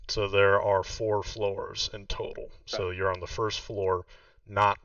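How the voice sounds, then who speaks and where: A man running a tabletop game, rambling through his narration with frequent fillers. His lowish voice sounds bright yet distant and muffled, in a dry space. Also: little pitch movement, unhurried, clean tone, no echo. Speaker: game master.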